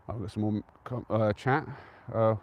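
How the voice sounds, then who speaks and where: A man's voice: fairly low pitch, steady tone, unhurried, lo-fi sound, a little hiss or hum. A man from England chatting casually on a live stream from an open hilltop, easygoing and answering viewers' comments as he goes. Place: outdoors on a windy-free open hilltop at a trig point.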